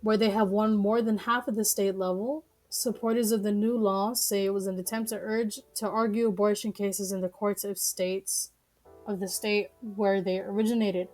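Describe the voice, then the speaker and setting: A woman's voice: medium pitch, steady tone, normal speed, a little mellow, faint music behind. A young woman reading news articles aloud on a live stream, stumbling over words and breaking in with blunt, profane rants.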